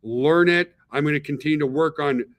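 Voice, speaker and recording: A man's voice: a little high, fairly quick. A middle-aged man hosting a webinar, talking casually and asking "okay?" and "guys" to check in with his listeners. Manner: chatty, peppers talk with "okay?" and "guys". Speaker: webinar host, company founder.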